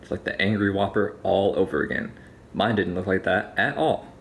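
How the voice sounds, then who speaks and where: Gravelly low-voiced man chatting over food. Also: moderate pace. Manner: slangy, animated storytelling between bites. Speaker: food vlogger. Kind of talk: casual mukbang chat.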